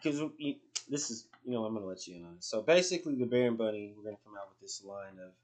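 A man's voice: on the low side, lively intonation, fast talker, darkish tone. A middle-aged man hosting a spiritual podcast in loose, rambling casual chat, swearing freely. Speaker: podcast host.

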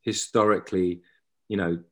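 Low-voiced actor, rambling. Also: male voice, steady tone, normal speed. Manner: rambling, self-interrupting, anecdotal. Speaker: actor, guest. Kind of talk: casual interview chat.

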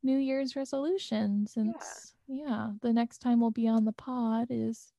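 Slow, laughing young woman podcaster. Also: fairly high pitch, creaky, no room sound, studio quality. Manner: laughs often, drawn-out, relaxed delivery. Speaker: podcast co-host, music student. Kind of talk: casual podcast chat.

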